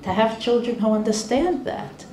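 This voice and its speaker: A woman's voice: a little high, lively intonation, moderate pace, noisy background, voice pushed up, lightly acted. An older woman quoting a cheerful, grateful woman who is content with little, in an upbeat, emphatic way. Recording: roomy, distant mic.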